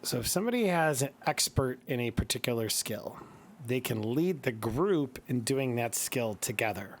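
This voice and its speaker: A man's voice: mid-range voice, expressive, moderate pace. Midwestern man running a tabletop game. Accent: Midwestern American. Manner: casual, explains rules with fillers. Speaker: game master.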